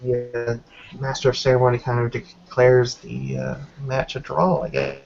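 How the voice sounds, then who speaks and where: A man's voice: medium pitch, monotone, moderate pace, gravelly, darkish tone. Hesitant man narrating a tabletop game. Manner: hesitant, many fillers and hedges. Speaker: player. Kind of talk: tabletop role-play narration. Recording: dull lo-fi with faint noise.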